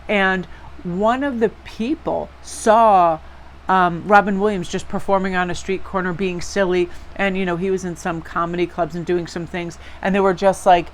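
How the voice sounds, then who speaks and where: A woman with a Northeastern American accent and a lowish voice talks her viewers through a tarot reading. She is chatty and encouraging, wandering into asides. A faint hiss sits under her voice. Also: steady tone, normal speed. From Connecticut, USA. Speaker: tarot reader.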